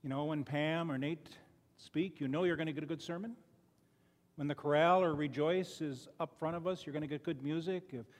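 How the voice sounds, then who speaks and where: Older man, lay preacher, folksy sermon, slightly high voice, long church reverb. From Chicago. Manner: folksy, conversational, frequent restarts and "you know". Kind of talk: sermon with personal stories. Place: church sanctuary.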